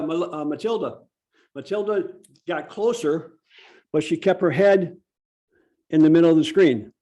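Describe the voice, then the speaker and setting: Male workshop presenter, slightly high voice, demonstrative teaching delivery, video-call sound. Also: warm tone. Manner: demonstrative, slows down to stress key words. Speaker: public speaking workshop presenter. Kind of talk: instructive online workshop talk.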